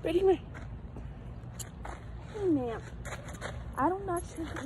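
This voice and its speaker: Young woman, high voice, bossy dog-training vlogger, noisy outdoor phone audio. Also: animated, measured pace, pauses often. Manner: bossy, commanding toward her dog, swears casually. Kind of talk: casual vlog talk. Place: outdoors at a park. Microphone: phone held in hand.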